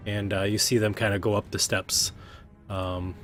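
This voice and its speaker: A man narrating a tabletop game as game master, relaxed and hesitant with many fillers. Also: fairly low pitch, normal speed, faint music behind.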